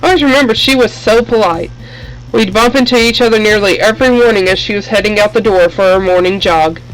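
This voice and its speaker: A man's voice: high-pitched, fast talker, a bit bright, rough recording. A man reading a kindly elderly widow. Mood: gentle. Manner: plain reading, no old-lady voice.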